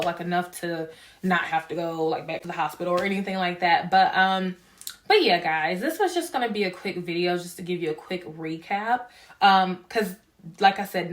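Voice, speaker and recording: A young woman vlogging casually to camera, a chatty storyteller who acts out dialogue and laughs often. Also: lowish voice.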